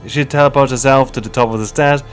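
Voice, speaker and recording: Brief: male YouTube narrator, humorous game recap, mid-pitched, wry asides. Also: fairly even intonation, fast talker, clear, resonant tone, soft background music.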